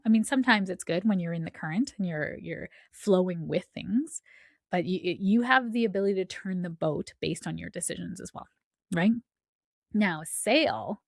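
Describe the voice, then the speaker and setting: A woman's voice: fairly low pitch, gravelly, no room sound, studio quality. A woman hosting a spiritual podcast in a casual, chatty way, often checking in with "right?". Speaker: podcast host and coach.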